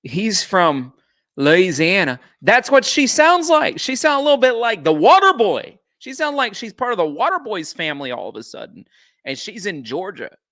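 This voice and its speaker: A man's voice: high-pitched, very animated, moderate pace, fairly bright tone. Guy reacting to clips on a stream, mocking, voice swings all over. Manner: incredulous and mocking. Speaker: commentator. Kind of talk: reaction commentary for a live stream.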